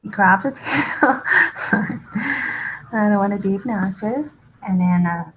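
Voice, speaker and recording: A woman's voice: medium pitch, unhurried, a bit bright, slight background noise, low-quality recording. A young woman artist casually talking through her storyboard drawing, chatty and self-deprecating as she thinks aloud.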